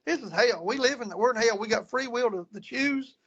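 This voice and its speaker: A guest paranormal investigator speaks slightly fast in a very high voice that is pushed, bright, and a bit rough. He tells ghost-hunting stories casually, rambling with repeated words and restarts, and the highs are cut off.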